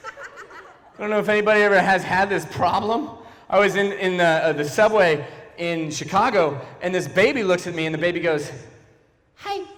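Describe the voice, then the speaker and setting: High-voiced man doing stand-up in an echoey hall. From Philadelphia. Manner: animated, quick voice switches for quoted people. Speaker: stand-up comedian. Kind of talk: stand-up comedy. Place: large church hall before a live audience.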